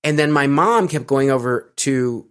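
This is a middle-aged man from the United States, talking casually in an interview. His voice sits mid-range at a measured pace, and his rambling delivery is packed with ums, fillers and false starts.

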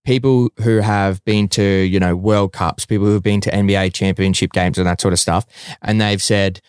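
Low-voiced young man, smooth tone. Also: moderate pace, no echo, clean studio sound. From Australia. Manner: relaxed, swears casually, acts out others' lines. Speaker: guest, professional fighter. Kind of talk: casual interview storytelling.

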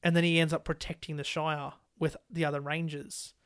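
A lively podcast co-host in easy film talk, stringing thoughts together with "like" and jumping into quoted lines from scenes. The voice is close and dry, with no room sound. The pitch stays at an ordinary middle level. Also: a little fast, no room sound. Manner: animated, full of "like" fillers, laughs while retelling scenes. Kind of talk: casual film discussion.

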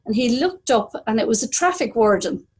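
A woman's voice: a little high, animated, fairly quick, husky, poor audio. A middle-aged woman telling a true story at a live storytelling event, vivid and dramatic. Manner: vivid, dramatic retelling with acted quotes.

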